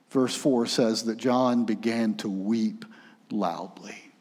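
A man preaching a sermon, swinging between urgent raised passages and hushed, quiet ones. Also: medium pitch, in a large hall.

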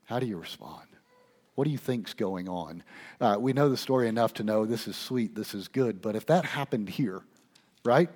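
A male pastor preaching a sermon, asking his listeners questions and swinging between hushed asides and loud emphasis. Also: on the low side, animated, normal speed, slightly rough. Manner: conversational, asks the congregation questions.

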